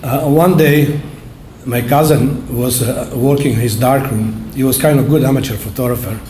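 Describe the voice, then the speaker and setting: Old guy in his 70s accepting an award, halting plain talk, warm low-key tone, echoey hall. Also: fairly even intonation, slight background noise. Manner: halting, plainspoken, simple phrasing. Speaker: award honoree. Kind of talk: acceptance speech, personal storytelling. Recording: roomy hall echo.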